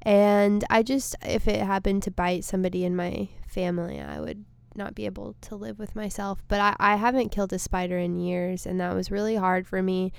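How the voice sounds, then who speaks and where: A woman's voice: medium pitch, little pitch movement, normal speed, vocal fry, clean tone, dry recording. A woman hosting her podcast alone, a comedian rambling in a casual, self-deprecating and emotional way from her studio. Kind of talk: casual solo monologue. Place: studio space.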